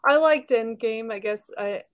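A woman's voice: fairly high pitch, unhurried, a bit bright. A woman co-hosting a casual podcast, speaking thoughtfully with some hesitation. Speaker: podcast co-host. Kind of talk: casual chat.

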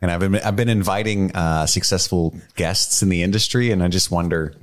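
Very deep-voiced podcast host, rambling. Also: male voice, steady tone, brisk. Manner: rambling, self-mocking, often laughing. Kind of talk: casual chat.

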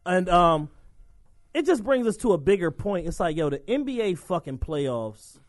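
High-voiced laid-back Philly co-host. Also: male voice, very animated, normal speed, dry recording, studio quality. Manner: laid-back, joking asides. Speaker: podcast co-host. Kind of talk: casual chat.

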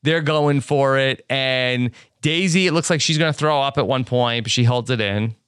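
A man's voice: medium pitch, moderate pace, a bit bright, clear, resonant tone, no room sound, studio quality. A man hosting a podcast, chatting casually with sarcastic, mock-exasperated asides. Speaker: podcast host. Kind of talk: casual recap chat.

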